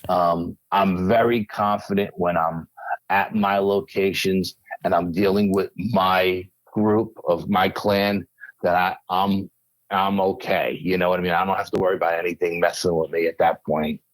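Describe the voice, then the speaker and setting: A man's voice: sits low, moderate pace, dry recording, poor audio. A middle-aged man from New York State, a guest in an interview, telling stories with lots of fillers and restarts. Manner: animated storyteller, many fillers and restarts. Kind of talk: casual storytelling interview.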